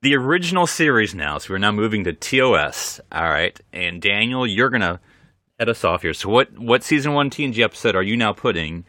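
A man hosting a casual podcast, animated and laughing, often searching for words. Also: lowish voice, a little fast, no echo, clean studio sound. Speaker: podcast host. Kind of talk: casual chat.

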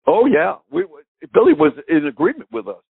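An older man, a guest drummer, telling lively anecdotes with a raspy voice and frequent chuckles, heard over call audio. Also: extremely high pitch, a little fast, dry recording, phone-quality sound. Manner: lively storyteller who chuckles often.

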